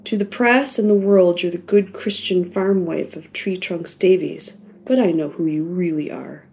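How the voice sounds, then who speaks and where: Audiobook figure: smug, menacing male manager, read by a woman narrator, low-pitched. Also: fairly even intonation, moderate pace, a little mellow, close to an everyday voice. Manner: smug, threatening, coaxing. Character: sleazy, menacing middle-aged male sports manager.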